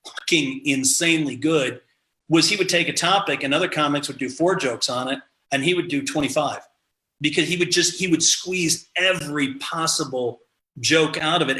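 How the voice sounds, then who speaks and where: A man's voice: fairly high pitch, roomy sound, rough recording. A middle-aged man from the American Midwest telling comedy stories in casual chat, acting out the voices he quotes. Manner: animated, acts out quoted voices. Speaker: podcast guest, comedian.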